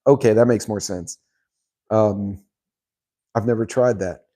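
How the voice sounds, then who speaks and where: Middle-aged male host, dark mellow voice, rambling casual storyteller who laughs a lot. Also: fairly low pitch, steady tone, a little slow. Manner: rambling storyteller, laughs often, many ums. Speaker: channel host. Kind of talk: casual chat reading viewer comments.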